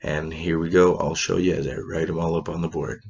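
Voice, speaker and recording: A man's voice: very deep voice, fairly even intonation, fairly quick, vocal fry, a little mellow, slight background noise. A man teaching a language class, patiently spelling out and repeating each word three times for learners to follow. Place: classroom with a board. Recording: dull lo-fi sound.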